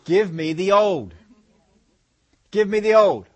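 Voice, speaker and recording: A preacher voicing a whiny, stubborn, lazy human body that complains about leaving the couch, in a raised, pleading tone. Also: male voice, animated, slow. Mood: whining. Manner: pleading, complaining, higher and louder than his own voice.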